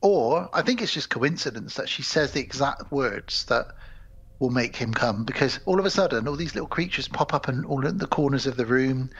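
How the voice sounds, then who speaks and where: A man's voice: medium pitch, expressive, a little fast, a bit bright, slightly rough, highs cut off. A man co-hosting a podcast, retelling a film's plot casually and acting out the characters' lines. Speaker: podcast co-host. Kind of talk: casual film recap.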